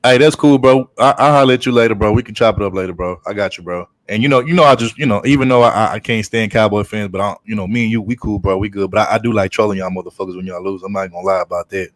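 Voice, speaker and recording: Low-voiced man trash-talking in casual chat. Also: quick pace, few pauses, dry recording. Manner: joking, trash-talking, repeats "bro" often. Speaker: podcast co-host.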